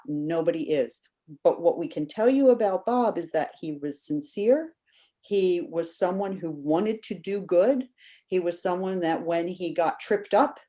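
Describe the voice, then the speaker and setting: A woman guest on a podcast, telling a story in a casual, animated way and acting out the voices of people she quotes. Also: fairly low pitch.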